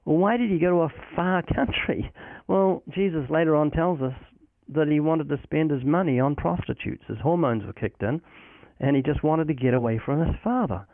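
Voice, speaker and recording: A man's voice: a little high, moderate pace, dry recording. Guy preaching earnestly on a tinny phone line, dry sound, acts out little back-and-forths. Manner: earnest preaching delivery, quoting scripture and acting out dialogues. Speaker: evangelist guest. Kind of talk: recorded phone interview about faith.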